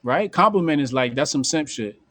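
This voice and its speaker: A man hosting a casual podcast, talking bluntly in slang and acting out quick bits of dialogue. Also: on the high side, lively intonation, pushed and bright. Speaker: podcast host.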